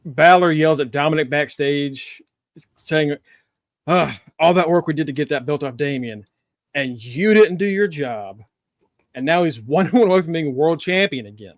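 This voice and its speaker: A man co-hosting a wrestling podcast, recapping the show in a relaxed way and laughing often. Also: fairly high pitch, moderate pace, no room sound, clean studio sound. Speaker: podcast co-host.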